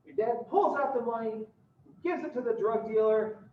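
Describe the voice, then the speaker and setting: A male law lecturer telling an animated, playful hypothetical story to his students during a university lecture. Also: extremely high pitch, moderate pace. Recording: echoey classroom from a distant mic, dull.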